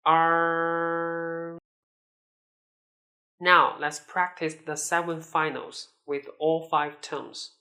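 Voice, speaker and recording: A man teaching Mandarin pronunciation, patiently explaining and modelling drawn-out syllables with exaggerated tones. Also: a little high, vocal fry, sharp tone. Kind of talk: slow, deliberate language lesson.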